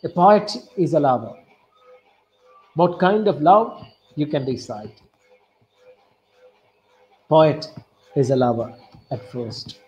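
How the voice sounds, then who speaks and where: An English professor with a Kerala Indian English accent gives an online poetry lecture, speaking slowly and deliberately, repeating key phrases and softly reciting verse. His voice sits on the high side, and the recording is low quality.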